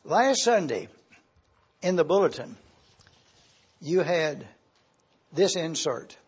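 A pastor, a man, teaching a sermon in a slow, deliberate way, spelling out Greek words for his congregation. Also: on the high side, big pitch swings, husky, dull audio. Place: church.

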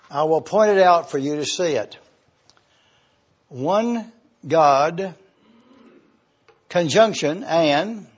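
A man preaching a sermon, teaching scripture slowly and deliberately with emphatic pauses. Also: high-pitched, darkish tone, breathy edge. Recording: dull lo-fi recording.

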